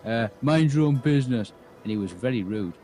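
A man's voice: medium pitch, animated, a little fast, mellow, low-quality recording. Rambling man spinning a tale. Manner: rambling, full of restarts and acted-out quotes. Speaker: game master. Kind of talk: in-character storytelling at a tabletop game.

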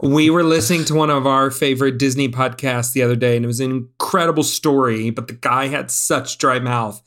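A man's voice: medium pitch, fairly even intonation, a little fast, fairly bright tone. A man co-hosting a podcast, chatting casually and animatedly, with plenty of fillers. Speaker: podcast co-host. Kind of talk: casual chat.

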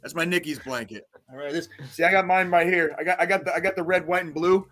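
A man's voice: fairly high pitch, fast, a bit bright. A man co-hosting a podcast, ranting in casual chat with lots of swearing. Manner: profane ranting, heavy swearing. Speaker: podcast co-host.

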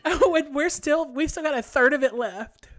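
A woman with a high voice reads an email aloud, giving its curses full dramatic weight. She stays theatrical and expressive in a casual podcast setting. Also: moderate pace. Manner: dramatic, profane, laughing readings. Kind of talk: reading an email aloud with commentary.

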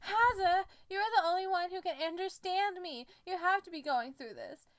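A woman voicing an excitable, dramatic teenage girl in a fan-fiction reading, with over-the-top outrage. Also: very high-pitched, moderate pace, voice pushed up. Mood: pleading.

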